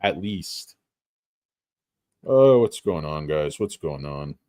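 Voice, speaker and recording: A man's voice: a bass voice, very animated, a little slow, warm tone, no room sound, clean studio sound. A middle-aged man talking stocks on a casual livestream, rambling, swearing often and mocking himself. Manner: rambling, profane, self-mocking. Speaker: stock market streamer.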